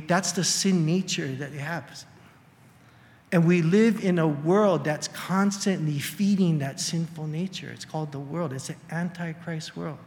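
An older male pastor preaching an animated sermon, jumping into high strained voices to act out quoted people. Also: long reverb tail.

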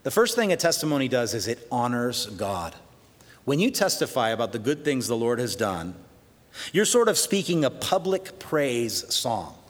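A middle-aged man preaching a sermon as pastor, swinging between loud praise and hushed storytelling. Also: mid-range voice, big pitch swings, moderate pace. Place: church sanctuary. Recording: long reverb of a large hall.

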